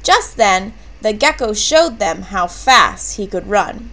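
A woman reading a children's storybook aloud, expressive, with excited shouts for the characters' lines. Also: medium pitch, slow. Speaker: reader. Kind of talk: children's book read-aloud.

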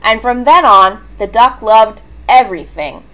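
A woman reads a children's story aloud at an unhurried pace. Her voice sits a little high and moves expressively. She keeps it clear and careful for young listeners. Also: lively intonation, a bit bright. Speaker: narrator.

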